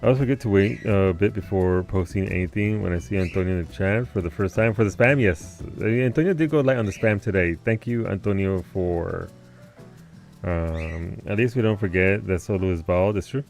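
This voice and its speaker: A man's voice: sits low, brisk, creaky, a little mellow, soft background music. A man live-streaming who chats casually with his viewers, laid-back, greeting people by name and swearing now and then. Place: home basement.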